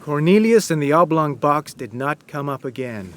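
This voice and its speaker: A man narrating a classic story as an audiobook, reading in a slow, simple, clear way. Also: fairly high pitch, lively intonation, fairly bright tone.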